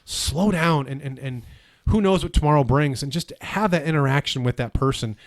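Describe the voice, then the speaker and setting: Casting: male podcast co-host, slightly higher voice, earnest and preachy in casual chat. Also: moderate pace. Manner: earnest, preachy, repeats words.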